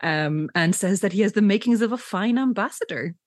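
A woman's voice: mid-range voice, lively intonation, a little fast, no echo, clean studio sound. A woman co-hosting a podcast, recapping a TV episode in casual chat, laughing often and swearing casually.

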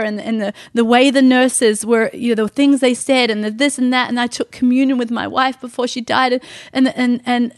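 A woman telling an emotional personal story on a podcast, animated, with her voice climbing high when she quotes others. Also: no room sound, studio quality.

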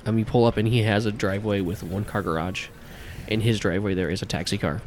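A man's voice: lowish voice, steady tone, quick pace, darkish tone, slight background noise. A man narrating a tabletop game as game master, in a casual, loose way. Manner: casual, loose, filler-heavy.

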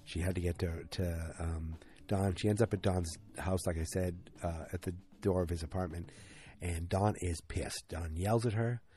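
A man's voice: low-pitched, steady tone, normal speed, dark tone. A man casually recapping a TV episode, rambling and correcting himself often, with plenty of ums and uhs. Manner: rambling, self-correcting, many fillers.

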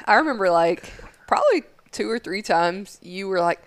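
A woman recounts base life as a military spouse in a lively, animated way. She swears freely and keeps the stories moving. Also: mid-range voice, moderate pace, no room sound. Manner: animated, profane storyteller. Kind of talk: casual podcast chat.

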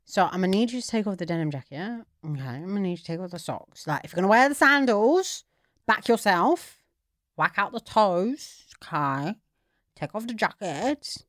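A woman's voice: mid-range voice, big pitch swings, moderate pace, fairly bright tone, no echo, studio quality. A young woman, co-hosting a podcast in joking casual chat. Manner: chatty, joking, laughing. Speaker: podcast co-host.

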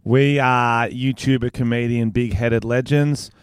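A man co-hosting a comedy podcast, cheeky and quick to laugh. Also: mid-range voice, steady tone, clear, resonant tone, dry recording. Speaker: podcast co-host. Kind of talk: casual comedic banter.

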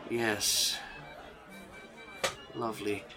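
A man voicing a suave, mysterious male bartender in a tabletop game, speaking slowly and smoothly in a hushed tone. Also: lowish voice, little pitch movement, over music.

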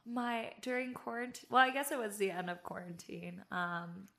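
A woman on a podcast as a guest, telling stories in a casual, animated way, laughing often and acting out what she said back then. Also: medium pitch, normal speed, vocal fry. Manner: animated, laughs often, acts out her own past lines. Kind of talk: casual storytelling chat.

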